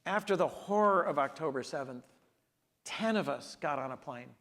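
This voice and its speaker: Earnest senator telling stories, fairly high. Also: male voice, animated, normal speed, a bit bright. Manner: earnest, storytelling, emphatic. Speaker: US senator, interview guest. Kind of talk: onstage conversation.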